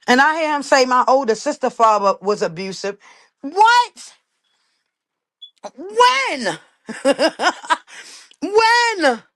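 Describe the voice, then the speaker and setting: A woman's voice: medium pitch, a bit bright. A woman talking on a casual livestream. She is emphatic and indignant, repeats her points and keeps calling out to "y'all".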